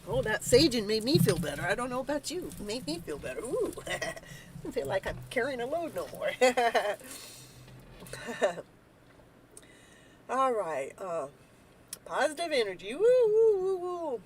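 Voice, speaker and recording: A woman hosting a live tarot reading stream, chatting casually, joking and breaking into whooping cheers, then dropping to soft murmurs. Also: a little high, very animated, measured pace, pauses often, slight background noise, low-quality recording. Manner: talks softly while eating, then bursts out loud. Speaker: live tarot reader and show host.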